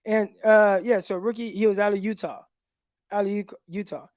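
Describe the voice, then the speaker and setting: Man, livestream host, animated storyteller, phone mic, dry close sound. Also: sits high, moderate pace, no room sound. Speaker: podcast host and former football player. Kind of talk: casual livestream chat.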